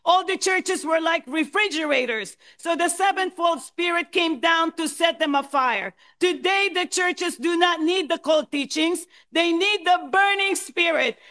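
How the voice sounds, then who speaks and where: A woman giving a fervent testimony and exhortation at a church meeting, rising to impassioned shouts. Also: extremely high pitch, unhurried, few pauses. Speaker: church member sharing in a meeting.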